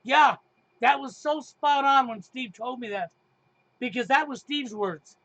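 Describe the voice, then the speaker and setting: A middle-aged man hosts a heated talk show in a very high voice. He talks emphatically, with sarcasm and frequent swearing. The sound is dry, with no room echo. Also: measured pace, fairly bright tone, muffled recording. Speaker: podcast host.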